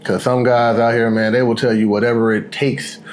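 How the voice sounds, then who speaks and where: A man in his forties co-hosting a relaxed chat show, easygoing and often repeating words as he goes. His voice sits at a medium pitch, and a faint hiss runs behind him. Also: normal speed. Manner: laid-back, repeats words as he talks. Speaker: co-host. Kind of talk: casual chat.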